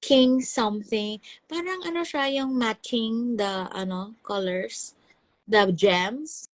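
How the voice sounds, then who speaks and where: Bubbly Filipino woman host, fairly high. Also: slow, no echo. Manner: bubbly, chatty, laughs often, mixes languages. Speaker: host and life coach. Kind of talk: casual live chat, reading viewer comments.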